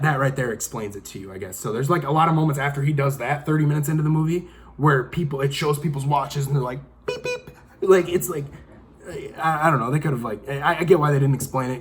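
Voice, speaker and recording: A young man giving a casual, profane, rambling movie review, exasperated and acting out lines from the film. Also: fairly high pitch. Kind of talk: casual rant-style review.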